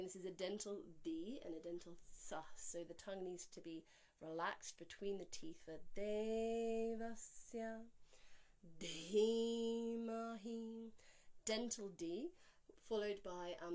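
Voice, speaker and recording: A woman teaching how to pronounce a Sanskrit mantra, explaining calmly and clearly. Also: lowish voice. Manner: calm, explanatory, slowing to a drawn-out chant on each Sanskrit word. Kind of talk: spoken pronunciation lesson with chanted examples.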